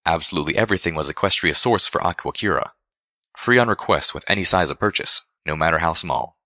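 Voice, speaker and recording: A man narrating a fan fiction story aloud in a steady reading voice. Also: sits low, fast talker, no echo, studio quality.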